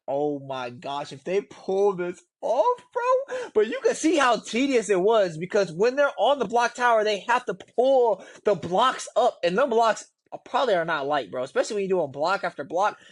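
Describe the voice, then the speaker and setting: High-voiced animated man, dry sound. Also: brisk, hardly any pauses, dry recording. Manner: animated, slangy, voice jumps up when exasperated. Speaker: podcast co-host. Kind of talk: casual reaction chat.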